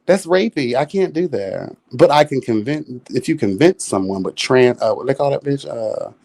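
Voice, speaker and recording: A man's voice: mid-range voice, animated, moderate pace, gravelly, darkish tone. A man co-hosting a casual livestream chat, sassy and playful, calling people child and honey. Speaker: livestream co-host. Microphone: streaming mic.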